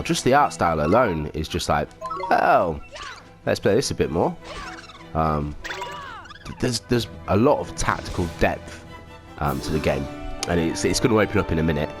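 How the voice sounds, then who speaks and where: Low-voiced let's play host. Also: male voice, expressive, moderate pace. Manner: rambling, self-mocking, lots of ums. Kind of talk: casual gameplay commentary. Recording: game music underneath.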